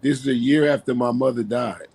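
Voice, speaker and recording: Casting: man in his fifties, blunt, joking, mid-low pitch. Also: brisk, creaky, a little mellow, breathy edge. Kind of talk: casual chat.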